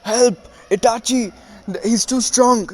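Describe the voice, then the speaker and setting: A man voicing a cocky male shark-like rogue swordsman who turns shrill and panicky, in a casual retold story. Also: normal speed, a little mellow, close to an everyday voice. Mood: panicked. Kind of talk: storytelling retelling with character voices.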